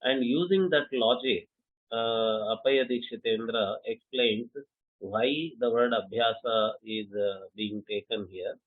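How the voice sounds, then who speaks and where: A man's voice: mid-range voice, no echo. Hesitant man explaining over a phone line. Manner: hesitant, many uh fillers, measured explanations. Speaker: interpreter summarizing a scholarly lecture. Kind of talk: explanatory lecture summary.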